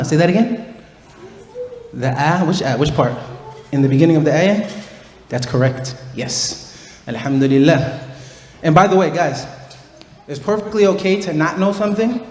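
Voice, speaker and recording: A man teaching a tajweed workshop to students, encouraging and playful, demonstrating recitation slowly. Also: fairly high pitch. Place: large room with students. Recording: echoey hall, faint ambience.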